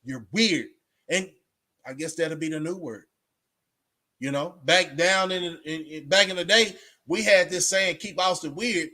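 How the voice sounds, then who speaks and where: A man's voice: fairly high pitch, measured pace, long pauses, pushed and bright. A man hosting a livestream, talking to viewers in a casual, rambling monologue full of streetwise slang and restarts. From Texas. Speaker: livestream host.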